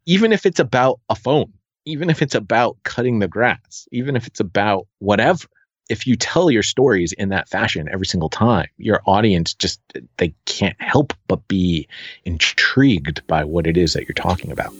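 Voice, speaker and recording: An American man with a fairly low voice answers as a podcast guest. He talks in an animated, quick way with plenty of fillers and restarts. His audio is a little dull and dry, with no room sound. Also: slightly rough, no echo. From United States. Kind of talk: casual conversational interview.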